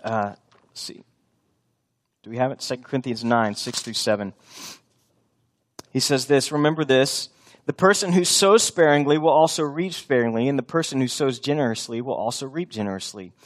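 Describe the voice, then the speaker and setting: A male pastor preaching a sermon, emphatic and animated, slipping into acted-out voices for imagined scenes. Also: medium pitch.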